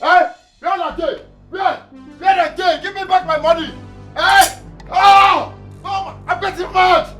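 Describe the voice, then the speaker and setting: A shouty nigerian man yelling for his money, really high voice, echoey with movie music under it. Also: fairly even intonation, slow pace, far from the mic, heavily acted. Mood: furious. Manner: shouting, repetitive ranting. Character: furious jilted young man demanding refund. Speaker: angry suitor demanding money. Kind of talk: Nollywood film acting. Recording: echoey room with film music.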